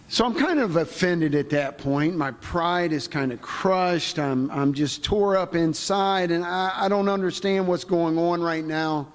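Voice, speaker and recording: A man speaks at a conference, telling his own story as a personal testimony. His voice sits a little high for a man, and his delivery is plain-spoken and halting. The long reverb of a large hall trails behind every word.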